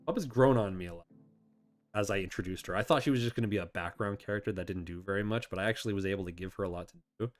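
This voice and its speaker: A man's voice: on the low side, rapid-fire, soft background music. A man hosting a casual chat, answering viewer questions in a rambling, self-correcting way and laughing often.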